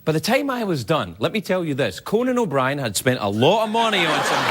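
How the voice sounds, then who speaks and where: A man hosting a late-night talk show, delivering an animated, joking comedy monologue on a TV studio stage. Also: on the high side, a little fast, hardly any pauses, a faint crowd. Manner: animated, joking, jumps into silly voices. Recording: loud studio audience laughter and noise.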